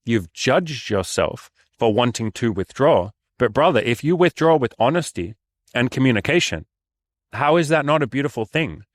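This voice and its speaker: A man's voice: mid-range voice, dry recording. A man giving frank, casual dating advice, swearing freely and calling the listener brother. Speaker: dating coach.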